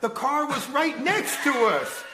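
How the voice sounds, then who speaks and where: Man, high pitch, jovial co-storyteller who fixes the details, roomy echo on the voice. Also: big pitch swings, a little slow, background noise. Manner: corrects details, laughs while talking. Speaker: storyteller recalling past travels. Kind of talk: casual reminiscing conversation. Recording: roomy echoey room.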